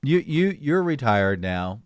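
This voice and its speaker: A man's voice: medium pitch, slow pace, clear, resonant tone, no echo, clean studio sound. A middle-aged man co-hosting a podcast, running through news items in a casual, jokey way. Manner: animated, jokey, drops into mock voices. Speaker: podcast co-host. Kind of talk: casual news roundup chat.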